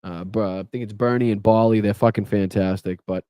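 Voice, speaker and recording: Rambling, foul-mouthed livestream host. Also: male voice, fairly low pitch, fairly even intonation, brisk, dark tone, clean tone, dry recording. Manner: rambling, swears freely, thanks viewers. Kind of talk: casual live chat reading comments.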